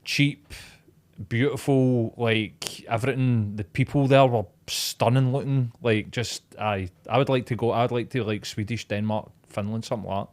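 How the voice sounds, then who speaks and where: A man's voice: mid-range voice, fairly even intonation, normal speed. A Scottish man in his thirties talking casually on a podcast, rambling and sweary, often restarting sentences. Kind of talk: casual chat.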